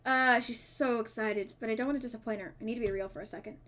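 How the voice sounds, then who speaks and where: A woman streamer reading a dating game's dialogue aloud, with playful asides and quick self-corrections. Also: on the high side, fairly even intonation, fairly bright tone. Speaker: streamer playing a dating sim. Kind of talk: reading game text aloud with casual commentary.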